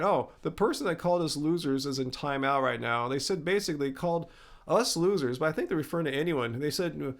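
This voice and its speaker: Chill guy hosting a live q&a, reads comments out, gravelly voice on the high side, keeps sneezing. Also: a little fast. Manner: relaxed, reads viewer comments aloud. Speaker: live stream host. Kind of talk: casual live Q&A chat.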